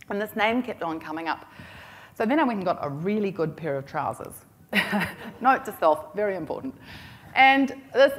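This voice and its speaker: A middle-aged woman with a New Zealand accent telling a business story at a conference in a chatty, self-deprecating, humorous way. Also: mid-range voice. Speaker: conference speaker.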